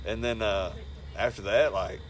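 A man hosting a casual talk around a campfire, telling animated stories, swearing freely and laughing as he goes. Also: fairly low pitch, unhurried, a little hiss or hum. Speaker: podcast host and wrestler. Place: outdoors around a fire.

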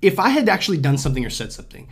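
A man's voice: sits high, very animated, very fast, breathy edge. A young man hosting a podcast, telling a story in casual chat, acting out the other people's voices and swearing freely. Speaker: podcast host.

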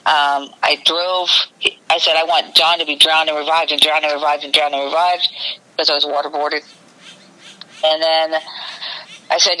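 A woman's voice: deep voice, sharp tone, low-quality recording. A woman guest in a casual interview, telling a long personal story in a rambling, breathless way.

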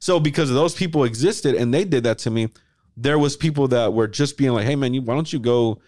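A man hosts a casual podcast chat with a voice of medium pitch. He talks in an animated way, swears freely and acts out his old thoughts in quoted asides. The sound is dry and close. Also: a little fast, dry recording. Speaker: podcast host.

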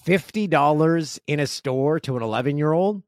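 Animated man telling a story. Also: on the high side, a little slow, no room sound, clean studio sound. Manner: animated, jokey, acts out quotes. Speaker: podcast host. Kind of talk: casual comedic storytelling.

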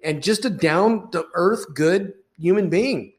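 A man's voice: high voice, slow. An older man co-hosting a sports podcast, telling easygoing anecdotes in casual chat.

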